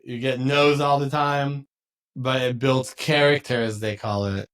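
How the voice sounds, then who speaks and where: A man's voice: medium pitch, measured pace. Chatty male podcast host. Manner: relaxed, chatty, laughs often. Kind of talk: casual conversation.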